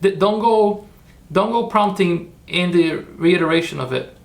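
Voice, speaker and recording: Brief: male streamer, gravelly, pitched a bit high, rambling commentary. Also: unhurried. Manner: thinking aloud, rambling, self-correcting. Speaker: streamer making AI videos. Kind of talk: live-stream screen-work commentary.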